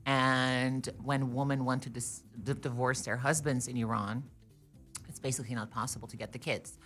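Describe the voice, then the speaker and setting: Low, bright-voiced playful woman guest. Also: steady tone, faint music behind. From Netherlands. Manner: chatty and playful, quick self-corrections. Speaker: podcast guest. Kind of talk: casual chat.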